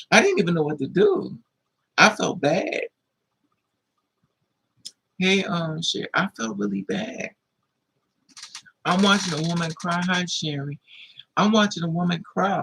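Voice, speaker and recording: A man with a husky, gravelly voice that sits a little high tells a personal story to his live viewers. He talks casually and bluntly, swears freely and speaks with a lot of feeling. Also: a bit bright, poor audio. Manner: blunt, profane, emotional storytelling. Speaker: livestream host.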